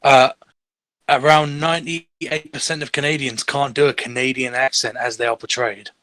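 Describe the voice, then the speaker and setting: A man's voice: mid-range voice, steady tone, moderate pace, sharp tone, no room sound. English man, tabletop player on break, rambling joker, mid-range voice. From England. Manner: joking, rambling and laughing at his own lines. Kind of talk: casual chat during a streamed game break.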